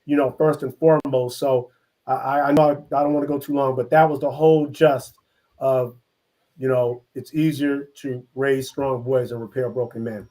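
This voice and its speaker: A middle-aged man from East Oakland, telling his life story as an interview guest, earnest and halting with many restarts. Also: mid-range voice, steady tone, warm tone. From East Oakland, California. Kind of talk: reflective personal storytelling.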